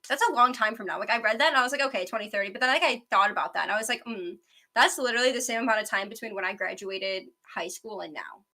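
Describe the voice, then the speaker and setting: Fast-talking woman in her twenties. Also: a little high, sharp tone. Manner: fast, rambling, self-aware talker. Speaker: podcast host. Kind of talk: casual news chat.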